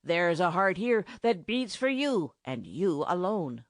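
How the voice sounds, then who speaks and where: A woman voicing a clumsy male monster henchman who croaks and roars. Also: fairly low pitch, big pitch swings, takes it slowly, dry recording, clean studio sound. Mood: leering. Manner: croaking, roaring.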